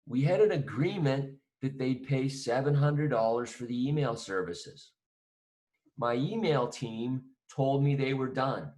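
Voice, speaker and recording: A man's voice: mid-range voice, animated, a little slow, darkish tone. A man teaching an accounting lesson in a conversational way, acting out both sides of a phone call with a client.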